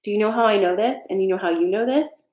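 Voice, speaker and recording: A woman's voice: medium pitch, fast, a little mellow, roomy sound. A woman doing a casual tarot reading on a live stream, earnest and reassuring, with some frank swearing. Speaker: tarot reader.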